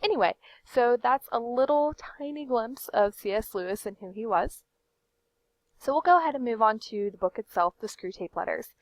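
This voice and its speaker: A woman's voice: on the high side, lively intonation, moderate pace, no echo. Chatty woman hosting a book vlog. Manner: chatty, rambling, frequent fillers and restarts; laughs now and then while talking. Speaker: book channel host. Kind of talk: casual book commentary to camera.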